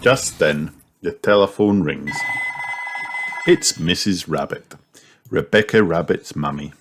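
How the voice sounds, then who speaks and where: Male picture-book narrator, low voice, steady hiss on the track. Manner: slow, expressive storytelling. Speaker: storybook reader. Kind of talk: children's book read aloud.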